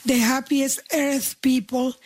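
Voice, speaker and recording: A woman on a comedy quiz panel riffs, drawn-out and meandering, restarting and tripping over phrases. Her voice sits high, and she takes her time getting to the joke. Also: flat delivery, a little mellow. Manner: rambling, stumbles over words. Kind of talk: improvised comic riffing.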